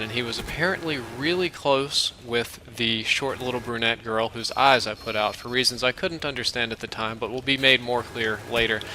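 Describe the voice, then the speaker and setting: A man casually narrating a long dream, with a very bright, cutting tone. He rambles with fillers, restarts and laughs as he goes. A faint hiss sits behind him. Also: medium pitch. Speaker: gaming channel host.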